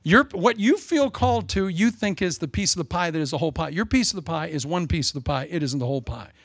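A man's voice: on the high side, animated, quick pace, husky, no echo, studio quality. Folksy older man preaching. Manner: folksy, humorous, swings from loud to soft. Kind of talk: sermon.

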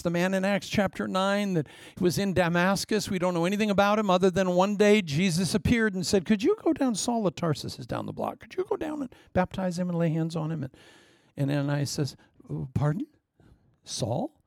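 A man preaching a sermon, animated and humorous, acting out the voices of the people he quotes. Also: high-pitched, no echo, clean studio sound. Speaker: pastor.

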